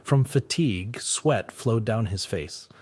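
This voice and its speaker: Male recap narrator, lowish and steady, dry recording. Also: slow, husky, no room sound. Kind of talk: scripted story recap narration.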